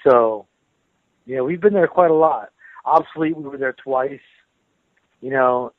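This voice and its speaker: A metal guitarist with a mid-range voice rambles in a relaxed way during a casual interview, restarting sentences and laughing softly. There is no echo, and the sound comes through a tinny phone line.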